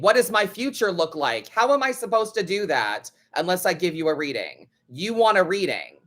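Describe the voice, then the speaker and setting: A man's voice: high voice, very animated, normal speed, hardly any pauses, a bit bright. A man hosting a live tarot stream, chatting casually in a blunt, sassy way and swearing freely. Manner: blunt, sassy, swears freely, acts out other people's lines.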